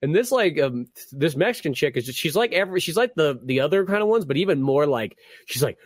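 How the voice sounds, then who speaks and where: A man's voice: mid-range voice, quick pace, few pauses, no room sound, studio quality. A man hosting a casual podcast chat, rambling and swearing heavily. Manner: rambling, heavy swearing, animated. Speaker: podcast host.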